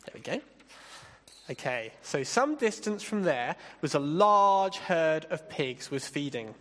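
Man, church leader, playful bible talk, very lively melody, echoey hall. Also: fairly high pitch. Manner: playful, directing helpers with quick asides. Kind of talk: interactive Bible talk with volunteers.

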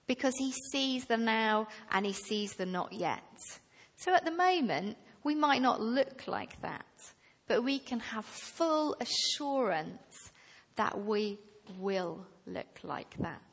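Slow, emphatic woman preaching. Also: a little high, expressive. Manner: slow and deliberate, rising to emphatic passages. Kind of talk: sermon. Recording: long reverb of a hall.

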